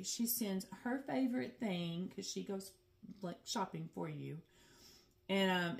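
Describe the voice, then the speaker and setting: A middle-aged woman with a lowish, creaky voice hosts her stitching vlog, or flosstube. She chats casually and with lots of animation, laughing often and tossing out "girl" and "y'all."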